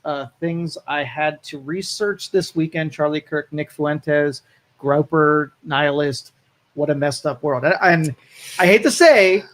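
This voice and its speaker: A man co-hosting a live talk radio show, speaking bluntly and moralizing, reading out listener comments. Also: on the high side.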